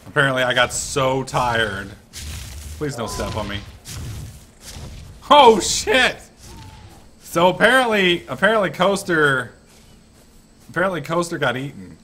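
A man giving casual commentary over his own gameplay, excitable and swearing freely. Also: medium pitch, moderate pace, a little hiss or hum. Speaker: let's-play gamer.

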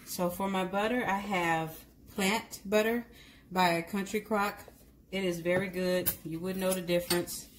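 A woman's voice: lowish voice, steady tone, unhurried, a little hiss or hum. A woman giving a casual cooking demonstration in a chatty way, often correcting herself and speaking directly to her viewers. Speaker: cooking vlogger.

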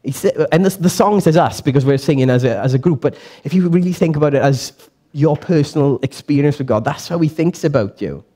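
A young man teaching a Bible passage to a church group in a casual, lively way, asking the audience questions and correcting himself as he goes. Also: fairly high pitch, fairly quick, hardly any pauses. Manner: lively, chatty, quizzes the audience, self-correcting. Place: church meeting room.

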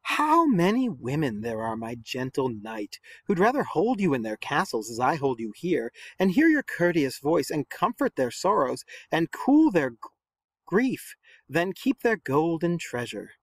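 A man reading aloud the lines of a flirtatious noble lady in measured verse, his voice slightly raised. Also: on the high side, very animated, slightly rough, no echo, exaggerated voice. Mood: coaxing.

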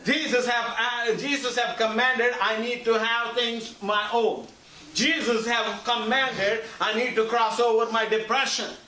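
Male pastor, very high bright voice, call-and-response sermon, repetitive emphatic phrasing, echoey church recorded from afar. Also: steady tone, measured pace. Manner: call-and-response preaching, asks congregation for agreement. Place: church sanctuary. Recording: echoey church hall, mic far off, faint hiss.

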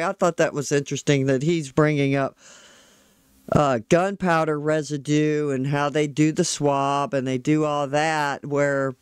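With a low voice, this commentator reacting to a trial rambles through a personal story in casual, exasperated fashion, breaking off for frequent asides. The recording is clean studio sound with no room sound.

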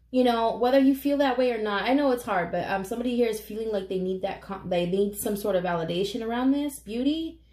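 Tarot reader, woman, fairly high voice, earnest and emotional, casual swearing, roomy sound. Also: darkish tone. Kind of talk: casual tarot reading to camera. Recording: echoey room.

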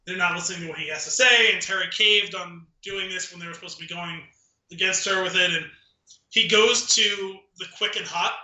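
Casual male podcast co-host, high piercing voice, sits back from the mic in a roomy space. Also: a little fast, distant mic. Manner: animated, acts out movie lines, laughs often. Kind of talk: casual movie discussion.

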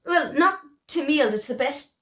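Woman, a touch high, teacherly quiz style, roomy echo. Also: expressive, measured pace. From Ireland. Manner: patient, teacherly, quizzing. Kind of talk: explaining words in a clip. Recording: echoey room.

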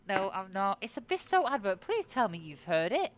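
A woman's voice: mid-range voice, big pitch swings, unhurried. A young woman streaming a horror game, giggling often, swearing, and talking to her chat. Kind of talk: live-streamed gameplay chatter.

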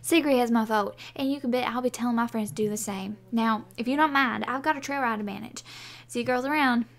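A woman reading aloud the lines of a busy woman stable owner in a horse-riding game, in a brisk, businesslike way. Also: a little high, close to an everyday voice.

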